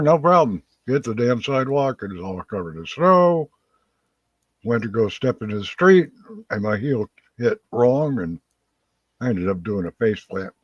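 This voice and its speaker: A man with a husky, fairly low voice spins folksy stories as host of a live chat show. The sound is dry and dull, like a lo-fi home setup. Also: dry recording. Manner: folksy, laughs through his stories. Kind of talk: casual storytelling chat.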